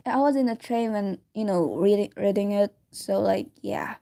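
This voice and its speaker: Halting woman reading a story aloud. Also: medium pitch, creaky, mellow. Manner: halting, stumbles and restarts words, giggly asides. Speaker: reader of a story. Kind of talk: casual read-aloud of a fan story.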